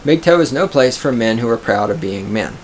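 A man's voice: medium pitch, expressive, a little fast, a little hiss or hum. Profane, sarcastic male commentator. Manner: profane, sarcastic, mocks others in raised mimicking voices. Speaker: commentator reading and reacting to an article. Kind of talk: casual reaction commentary.

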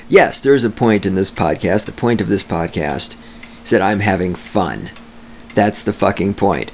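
A man hosts a solo podcast from his home microphone, ranting sarcastically with heavy profanity. He has a lowish voice and speaks at a moderate pace.

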